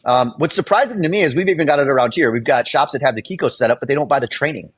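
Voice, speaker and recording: A man's voice: mid-range voice, racing, breathy edge. A man, a guest on a video-call show, telling shop stories in casual talk and acting out the people he quotes. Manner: storyteller who acts out quoted people. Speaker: guest, dent repair technician.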